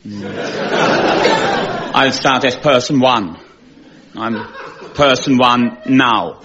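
Deadpan German man, noisy lo-fi. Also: mid-range voice, drawn-out words, long pauses. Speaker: panel show contestant. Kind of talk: stand-up comedy. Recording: dull lo-fi with loud noise.

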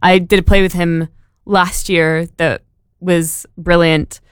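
A woman's voice: fairly low pitch, level tone, slow pace, clean tone, no room sound, studio quality. A young woman in her twenties from Edinburgh, an actor talking about her play in a casual interview, bubbly and laughing often. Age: 20s. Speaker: actor, guest.

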